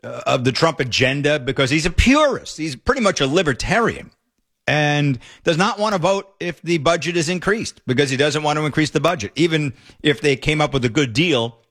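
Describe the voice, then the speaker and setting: A man hosting casual political commentary, emphatic and excited as he reacts to clips. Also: a little high, brisk. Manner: emphatic, excited, fond remarks.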